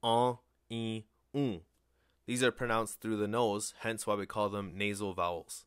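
A man teaching a language lesson in a fairly low voice, speaking slowly and deliberately. He sets each word apart as if listing vocabulary. The recording is dry, with no room sound. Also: fairly bright tone, clean tone, dry recording.

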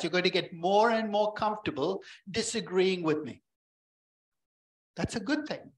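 A man, a university professor, giving a lively, joking lecture in a conversational way. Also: high voice, poor audio.

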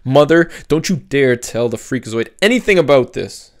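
A man's voice: a little high, very animated, moderate pace, vocal fry, a little mellow, voice pushed up. A man doing a scornful teenage girl. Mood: furious. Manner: scornful, snapping. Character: moody sulky teenage girl.

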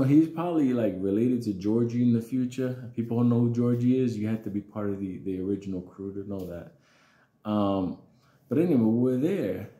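A man's voice: medium pitch, dark tone. A man telling a childhood story in a casual, rambling, profane way with lots of fillers. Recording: roomy echo.

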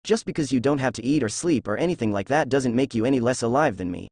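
A man's voice: mid-range voice, expressive, fast talker, darkish tone, no echo, studio quality. A man voicing a playful, easily flustered teenage ninja boy in a fan fiction reading. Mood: easygoing. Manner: lazy and flustered.

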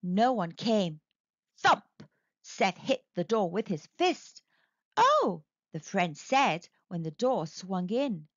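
Kids' storybook reader, woman, slow and expressive; dull lo-fi, dry sound. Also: medium pitch, no echo. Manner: slow, expressive, sing-song reading for kids. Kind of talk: storybook read-aloud.

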